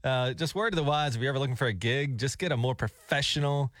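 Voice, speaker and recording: A man co-hosting morning radio banter, loose and chatty and quick to laugh. His voice sits in a middle register and comes through close and dry, like a booth mic with no room around it. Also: medium pitch, fairly bright tone, no echo. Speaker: radio show co-host. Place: radio studio. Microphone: studio microphone.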